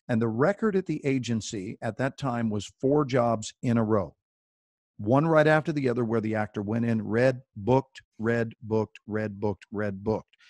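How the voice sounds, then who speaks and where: A man's voice: mid-range voice, darkish tone, no echo, studio quality. Playful theatrical storytelling man. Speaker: actor and guest speaker. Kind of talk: storytelling on a video call. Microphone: video call.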